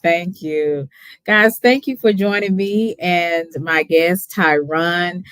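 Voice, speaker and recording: A woman's voice: lowish voice, takes it slowly, fairly bright tone, smooth, no echo. A woman with a Texas accent hosting a casual livestream chat, chatty and hesitant with many ums, often laughing. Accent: Texan. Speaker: host.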